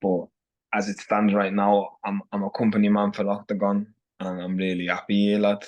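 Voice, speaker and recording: A man's voice: on the low side, monotone, moderate pace, dull audio. A man with a Scouse accent from Liverpool, a fighter talking bluntly and brashly as a podcast guest. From Liverpool, England. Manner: brash, blunt, says "lad" constantly. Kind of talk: casual podcast chat.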